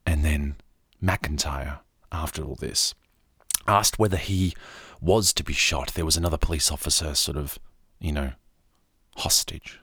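Deep husky Australian man, soft-spoken. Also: normal speed, no echo, clean studio sound. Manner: soft-spoken, rambling asides. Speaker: podcast narrator. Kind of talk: calm bedtime story narration.

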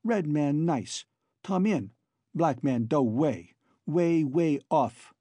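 A bossy toddler girl giving orders in slow, broken baby talk, as a male narrator puts her on. The voice climbs above his usual register and drags each word out. It is read close and dry, with a husky, darkish edge. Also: on the high side, expressive, mellow, no echo. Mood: commanding.

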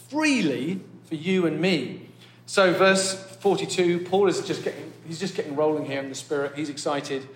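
A man, preaching a chatty, self-deprecating sermon that turns animated as he warms up. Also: high-pitched. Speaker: pastor. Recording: echoey hall.

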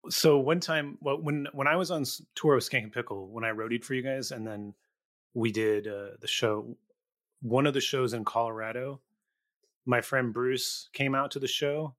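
A man with an average-pitched voice hosts a relaxed interview. He asks easygoing questions and trades stories in a conversational way. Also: moderate pace. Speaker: podcast host. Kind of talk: casual interview chat.

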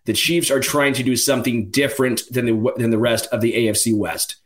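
A man co-hosting a casual sports podcast, breaking things down quickly and stumbling over first words. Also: mid-range voice, steady tone. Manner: analytical, quick, repeats words when starting. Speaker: podcast co-host.

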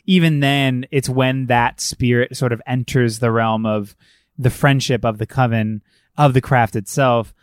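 Excitable man retelling film scenes. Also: medium pitch, measured pace, clean tone, no room sound, clean studio sound. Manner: retells scenes by acting out characters' lines, swears freely. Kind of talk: casual chat about a film.

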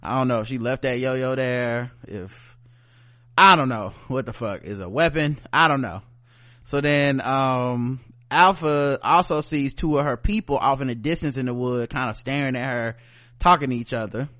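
Male podcast co-host, mid-pitched, loose and profane recap storyteller, dry close mic. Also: normal speed, fairly bright tone, no echo. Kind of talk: casual TV recap chat.

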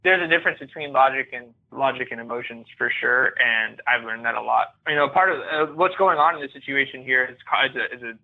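A man's voice: mid-range voice, quick pace, gravelly, few pauses. A man, a podcast guest, telling his own story in an earnest, candid and reflective way. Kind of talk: personal storytelling. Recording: tinny phone-like line.

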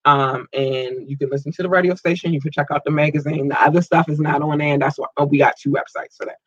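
A man hosting a podcast, reading out listener shout-outs in a casual, upbeat way and tripping over place names. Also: on the high side, fairly even intonation, quick pace, no room sound, lo-fi sound. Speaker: podcast host.

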